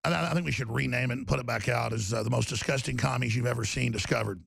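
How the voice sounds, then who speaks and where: A man hosting a political talk show, ranting in a fast, angry way. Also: medium pitch, gravelly, fairly bright tone, slightly rough, no echo.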